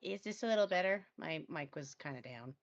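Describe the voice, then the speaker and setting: Lively-voiced woman on a muffled call. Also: low-pitched, a little fast. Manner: hesitant, sits back from mic. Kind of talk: casual group chat. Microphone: online call mic, set off to the side.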